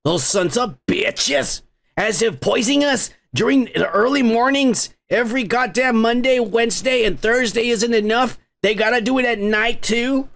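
A man's voice: very high voice, normal speed, vocal fry, a bit bright. A man hosting his own podcast, talking in a profane, grumbling rant and cursing constantly. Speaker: podcast host. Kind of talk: profane ranting monologue.

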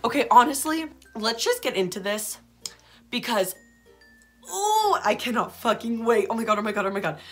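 A woman's voice: a little high, sing-song, moderate pace, fairly bright tone. A young woman reacting to a music video on her channel, gushing, gasping and swearing constantly. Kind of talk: excited reaction vlog. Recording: music playing faintly behind.

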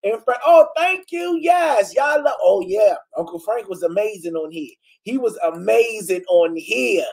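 Flamboyant husky man hosting a live stream. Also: high voice, unhurried, few pauses. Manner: flamboyant, exclamatory, animated. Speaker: host of a live online talk show. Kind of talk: casual live-stream chat reading comments.

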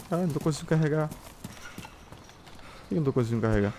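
Man, Brazilian Portuguese accent, gamer voice chat, commanding and mocking, slightly high voice, faint noise. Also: expressive, quick pace, long pauses, warm tone. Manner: commanding, mocking, swears and laughs. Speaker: gamer streamer. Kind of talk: gameplay voice chat.

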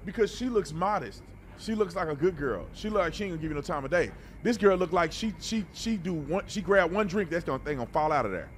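Guy reacting to a clip, blunt and preachy, kinda high voice, faint hiss behind. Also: quick pace. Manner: blunt, animated, preachy, repeats words. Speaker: reaction video host. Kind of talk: casual reaction commentary.

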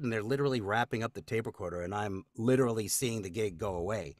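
A man's voice: fairly low pitch, quick pace, no echo, studio quality. A man, a voice actor, telling stories in a casual interview, acting out quotes and laughing often. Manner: animated storyteller, acts out quotes, laughs often. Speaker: voice actor guest.

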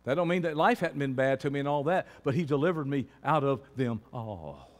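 A man preaching a sermon as pastor, moving from quiet talk to shouting. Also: mid-range voice, expressive, a little fast, long reverb tail.

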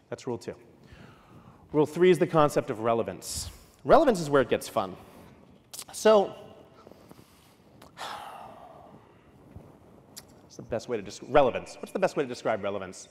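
A man from New York giving a conference keynote talk, telling stories with quick asides and acting out what people said. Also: medium pitch. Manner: animated, storytelling with quick asides and acted-out quotes. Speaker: keynote speaker. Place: large hall. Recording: long hall reverb.

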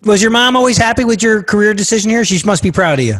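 A friendly man hosts a podcast in a casual interview style, chatting and asking easy follow-up questions. His voice sits a little high and sounds husky. He keeps things light and conversational. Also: expressive, quick pace, fairly bright tone. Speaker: podcast host, drummer.

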